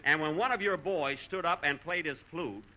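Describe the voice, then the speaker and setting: A man's voice: fairly high pitch, moderate pace, sharp tone, slight background noise, low-quality recording. A man hosting a 1940s radio comedy show, with dry, put-upon timing and mock-dramatic storytelling.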